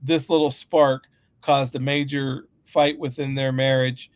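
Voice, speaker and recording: A man's voice: mid-range voice, flat delivery, measured pace, clean tone, no room sound. A man co-hosting a casual podcast chat, talking emphatically and riffing with humorous asides. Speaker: podcast co-host.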